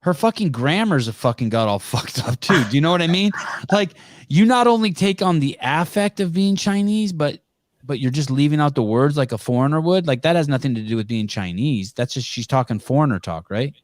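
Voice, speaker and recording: A man's voice: fairly high pitch, expressive, fairly quick, no echo, studio quality. A man hosting a podcast in casual chat, blunt and swearing freely. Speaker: podcast host.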